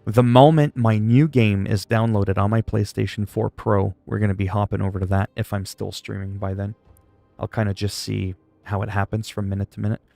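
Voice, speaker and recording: A man's voice: lowish voice, gravelly, a little mellow, no echo. A man from Canada chatting casually on a gaming livestream, joking and rambling while he answers chat.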